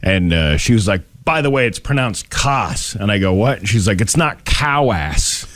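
A man's voice: lowish voice, animated, brisk, fairly bright tone, dry recording. A man co-hosting a morning radio show, rambling through stories and laughing along. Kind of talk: casual radio banter.

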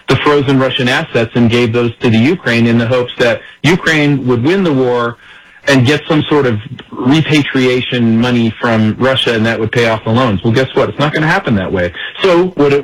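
Husky guy doing emphatic political commentary, acts out quotes, sounds a bit radio-ish. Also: mid-range voice, low-quality recording.

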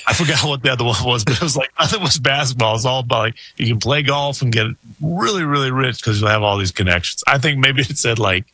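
Husky-voiced man teasing in casual chat. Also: mid-range voice, quick pace, hardly any pauses, pushed and bright, no room sound.

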